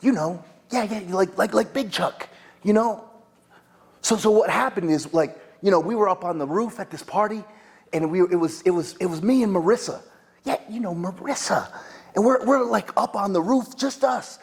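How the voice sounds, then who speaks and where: A man performing a monologue as a rambling, excitable young party guy who keeps saying "like" and "dude" and restarting his sentences. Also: high-pitched, moderate pace, slightly rough. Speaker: attorney in a monologue workshop.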